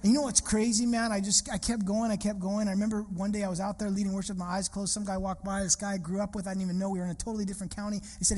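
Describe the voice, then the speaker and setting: A male pastor preaching, his voice pitched high and slightly husky. He talks in a relaxed, storytelling way that builds with emphasis and repeats his phrases. The sound carries a long hall reverb, like a sanctuary. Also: rapid-fire, few pauses. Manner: animated, conversational, repeats phrases while telling a story. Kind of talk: sermon with personal storytelling.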